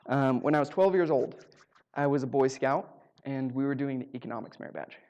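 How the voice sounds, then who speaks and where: A man's voice: mid-range voice, fairly quick, darkish tone, dull audio. A man telling a personal story on stage at a live show, in a humorous, self-mocking way, acting out bits of dialogue.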